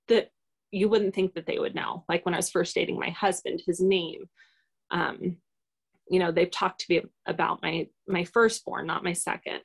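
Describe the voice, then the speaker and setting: A woman guest talks through a personal experience in a loose, unscripted way. Her voice has a gravelly, creaky texture, and she keeps pausing on fillers and restarting her sentences. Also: fairly low pitch. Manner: rambling, hesitant, many fillers. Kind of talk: casual personal storytelling in an interview.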